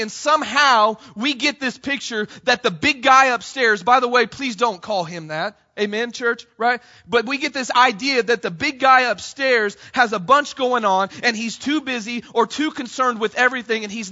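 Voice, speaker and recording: A man preaching a sermon to his church, passionate, calling out to the congregation and rising to near shouts. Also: very high-pitched, normal speed, few pauses, dull audio. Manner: impassioned, rising to near shouts on quoted cries; addresses congregation as "church", frequent "right?". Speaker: pastor.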